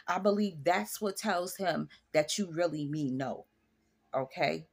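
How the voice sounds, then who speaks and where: A woman in her forties with a slightly low, voice, speaking frankly in a casual vlog. She chats straight to her viewers and sounds sure of her opinions. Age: 40s. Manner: frank, chatty, addresses viewers directly. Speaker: vlogger.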